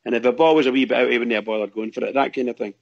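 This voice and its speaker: Co-host, husky and gravelly, rambling enthusiast. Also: male voice, medium pitch, steady tone, rapid-fire, highs cut off. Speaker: fan radio co-host. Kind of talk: casual chat.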